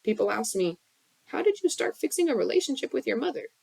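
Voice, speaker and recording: A woman's voice: high-pitched, sing-song, quick pace, gravelly, darkish tone, breathy edge, dry recording. A woman giving an impassioned, blunt motivational talk about healing on a live stream from her bedroom, swearing freely. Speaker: spiritual coach on a live stream. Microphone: phone.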